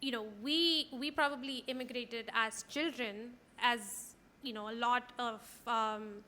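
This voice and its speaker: A young woman co-hosting a podcast, chatting casually with plenty of "like" and quick agreement. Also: fairly high pitch, fairly even intonation, bright, forceful tone. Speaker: podcast co-host.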